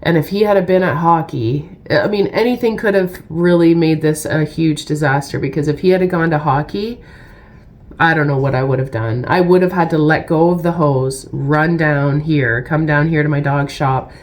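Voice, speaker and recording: A woman's voice: deep voice, moderate pace. A middle-aged woman with a stuffy cold, chatting casually and rambling through a story for her vlog. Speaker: vlogger.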